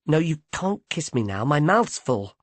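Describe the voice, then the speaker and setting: A man doing a tender young woman, hushed and soft, lively pitch, dry sound. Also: a little slow, no echo. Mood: affectionate.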